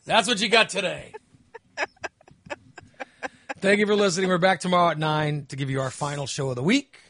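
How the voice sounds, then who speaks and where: A man's voice: high-pitched, a little fast, bright, forceful tone. A man co-hosting a casual comedic podcast, telling stories animatedly and acting out his own reactions. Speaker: podcast co-host.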